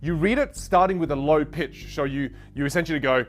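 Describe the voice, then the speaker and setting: A man teaching an online voice course, animated and playful, showing pitches from low to high. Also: a little fast, hardly any pauses. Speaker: voice coach.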